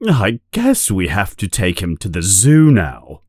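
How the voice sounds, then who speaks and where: A man's voice: deep voice, huge pitch swings, measured pace, a little mellow, no room sound, studio quality, heavily acted. A man voicing a cold, impatient aunt who speaks in curt, clipped orders in a storybook reading. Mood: annoyed. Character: sharp-tongued strict aunt, cold and impatient.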